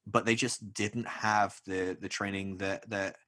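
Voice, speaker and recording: A man in a casual podcast conversation, speaking candidly and haltingly with lots of fillers. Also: on the low side, flat delivery, bright, forceful tone.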